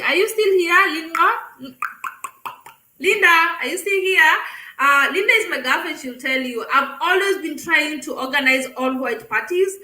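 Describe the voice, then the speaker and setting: Bright, animated Kenyan woman. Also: high-pitched, reverberant, rough recording. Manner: animated, laughing, mixing in Swahili phrases. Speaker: live-stream host. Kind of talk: casual live-stream chat.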